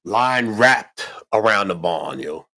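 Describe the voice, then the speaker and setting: A man's voice: fairly low pitch, expressive, takes it slowly, pushed and bright. A man co-hosting a casual livestream chat, laid-back and slangy, often repeating words as he restarts. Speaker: yarn company co-host.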